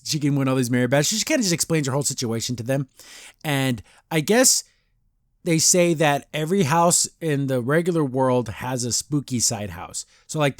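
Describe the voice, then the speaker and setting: A man's voice: mid-range voice, dry recording, studio quality. A man hosting a podcast, chatting casually as he reviews a comic, rambling and laughing as he retells scenes. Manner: rambling, animated retelling with acted-out quotes and frequent laughs. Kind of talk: casual chat.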